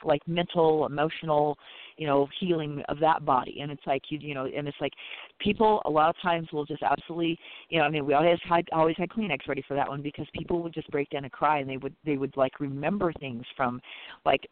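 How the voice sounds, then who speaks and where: A man talks fast and loosely about his Reiki practice, stringing thoughts together with constant fillers. His voice sits a little high for a man. He comes through a dry, tinny phone line. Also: steady tone, dry recording. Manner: rambling, full of "you know" and "it's like". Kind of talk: casual radio chat.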